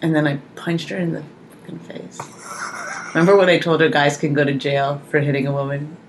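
A woman with a low voice co-hosts a comedy podcast. She tells family stories quickly and mimics her daughter's lines. Faint room noise sits behind her. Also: level tone, low-quality recording. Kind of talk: casual comedic chat.

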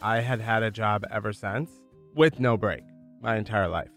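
A man's voice: lowish voice, moderate pace, fairly bright tone, soft background music. A man from Michigan telling his founder story in a candid, chatty way, dropping "like" often. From Michigan, USA. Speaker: entrepreneur guest. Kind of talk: casual storytelling.

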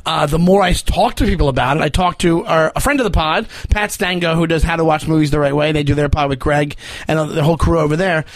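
High-voiced New man telling stories. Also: quick pace, dry recording. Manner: animated storyteller, acts out quotes. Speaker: podcast co-host. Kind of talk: casual chat.

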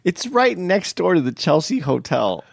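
Animated, stammering podcast co-host man. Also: sits high, moderate pace, vocal fry, no echo, studio quality. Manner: stammering, restarts a lot. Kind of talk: casual chat.

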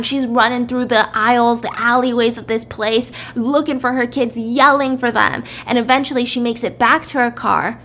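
A woman casually retelling a story, animated and acting out the characters' lines in raised voices. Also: on the high side.

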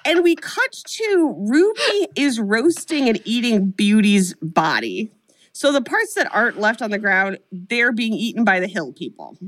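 Animated woman recapping a film with friend. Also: a little high, unhurried, no room sound. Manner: animated storyteller, mimics lines in mock voices. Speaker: podcast co-host recapping a film. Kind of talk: casual comedic chat.

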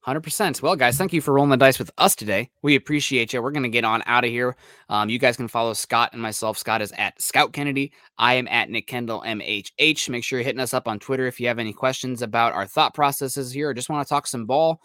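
A man's voice: mid-range voice, quick pace, bright, forceful tone, dry recording, studio quality. A man co-hosting a casual sports podcast, talking in a rambling, upbeat way with plenty of fillers. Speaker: podcast co-host.

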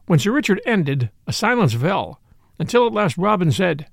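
A male storyteller reading a classic tale with a measured, expressive delivery. His voice is high and lively, with a gravelly grain. The sound is dry and close. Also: dry recording.

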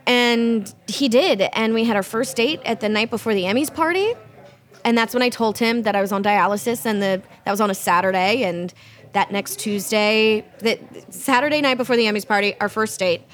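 Young woman chatting over dinner, kinda high voice, lively storyteller, does little voices for people. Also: moderate pace. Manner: animated storyteller who acts out what others said. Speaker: guest. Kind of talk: casual dinner conversation. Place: restaurant.

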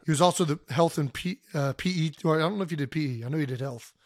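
A man from Ohio co-hosting a podcast, telling stories in an animated, joking way. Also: on the high side, fast, dry recording, studio quality. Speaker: podcast co-host. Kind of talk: casual chat.

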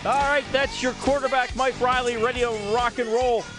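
A man's voice: very high voice, flat delivery, moderate pace, music in the background. A man hosting a sports talk radio show, chatting easily with a guest and reading out call-in details from the studio. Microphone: close studio microphone.

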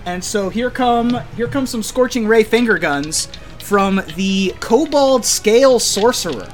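A game master narrating a tabletop game in a relaxed, chatty way with frequent fillers. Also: mid-range voice, measured pace, over music.

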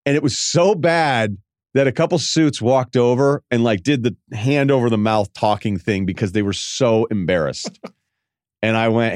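A man's voice: medium pitch, normal speed, dry recording, studio quality. A man hosting a podcast, telling rambling, self-deprecating stories in a casual way. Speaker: podcast host. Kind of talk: casual storytelling monologue.

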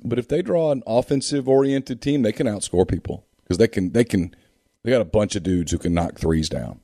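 Deep-voiced man on a sports podcast. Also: a little fast, mellow, no room sound, clean studio sound. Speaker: sports talk co-host. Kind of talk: reading sponsor ads and casual sports chat.

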